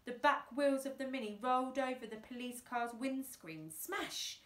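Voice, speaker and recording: A woman teacher reading a children's book aloud, lively and acting out the characters. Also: normal speed. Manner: lively, voices characters with big pitch jumps. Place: classroom or home, self-filmed. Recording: echoey room.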